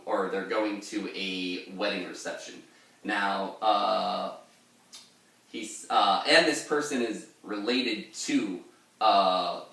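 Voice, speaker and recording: Man, low-ish voice, casual teacher explaining poetry, rambly, echoey room, mic a bit far. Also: fairly bright tone. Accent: pirate-style put-on accent in readings. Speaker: literature lecturer. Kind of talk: informal poetry lesson with pirate-voiced readings.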